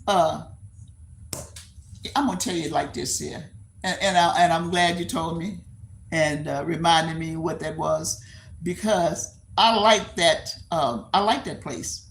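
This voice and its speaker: A woman's voice: low voice, unhurried, vocal fry. An older woman from Texas with a Texan accent, hosting a livestream and chatting with her viewers. She rambles, repeats herself, laughs easily and answers comments aloud. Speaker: livestream host. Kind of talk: casual chat with live viewers.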